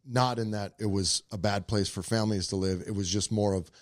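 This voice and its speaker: Low-voiced man from Minnesota, dry sound. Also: brisk, dry recording. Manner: relaxed, reflective storytelling. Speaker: podcast guest, former hockey player. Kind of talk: casual chat.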